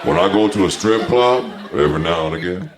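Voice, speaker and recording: Comedian doing a boastful, deep gravelly tough guy bit, live in a roomy club. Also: expressive, fairly quick, over a noisy crowd, heavy background noise. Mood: swaggering. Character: deep gravelly swaggering street-talking man. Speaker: stand-up comedian. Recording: roomy club with loud laughter.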